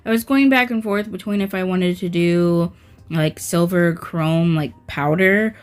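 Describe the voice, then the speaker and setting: A woman with a fairly low, clear, and resonant voice gives a slow, meandering voice-over for a nail art tutorial, full of "um"s and "like"s.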